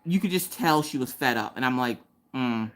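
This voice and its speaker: A woman in her thirties hosting a live crafting stream, telling stories in a lively, chatty, colloquial way. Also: very deep voice, fairly quick. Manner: animated, chatty storyteller, colloquial. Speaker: craft livestream host. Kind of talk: casual chat and storytelling. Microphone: streaming from home.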